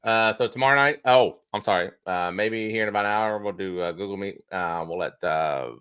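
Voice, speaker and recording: A man's voice: fairly low pitch, brisk, a bit bright, clear, resonant tone, no room sound. A man co-hosting a casual live stream, chatting loosely with frequent restarts and filler words. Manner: rambling, restarts with many uhs. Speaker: co-host.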